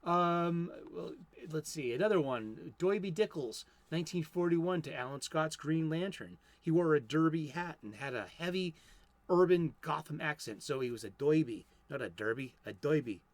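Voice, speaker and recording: A man in his fifties with a Boston accent chats on his own, his voice sitting a little high for a man. He rambles and circles back, stringing thoughts together with fillers and false starts. It sounds like a casual one-man talk. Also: lively intonation, normal speed, no echo. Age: 50s. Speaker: comics vlogger. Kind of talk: casual solo monologue.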